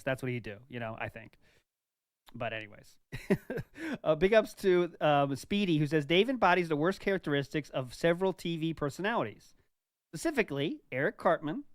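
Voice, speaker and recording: A man's voice: fairly high pitch, big pitch swings, dry recording, clean studio sound. A man hosting a stream, reading viewer messages in a playful, laughing way. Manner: playful, laughs easily, quick asides. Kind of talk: casual stream chat.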